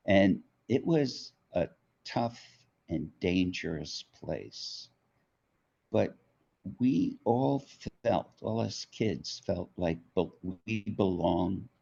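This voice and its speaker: An older man tells a childhood story in an interview. He speaks slowly in a very low voice and acts out the people he quotes. The audio is dull and lo-fi. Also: vocal fry, dark tone, breathy edge. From New York. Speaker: author being interviewed.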